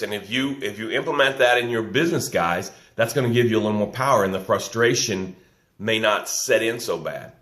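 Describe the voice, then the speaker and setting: A man's voice: medium pitch, a bit bright. Echoey live-stream business coach, man. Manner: encouraging, folksy, repeats key lines for emphasis. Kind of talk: live-stream talk reading viewer comments. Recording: echoey room.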